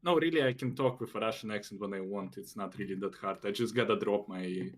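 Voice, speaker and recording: A man chatting casually as a guest, speaking hesitantly and filling pauses with "uh". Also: on the low side. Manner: hesitant, full of "uh"s. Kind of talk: casual chat.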